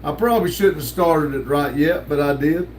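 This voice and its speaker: An older man's slightly high voice moves at a normal speed as he hosts an easygoing livestream, drawling through chat messages and laughing frequently. He's in a home room with a wall of stickers, and a little hiss or hum can be heard.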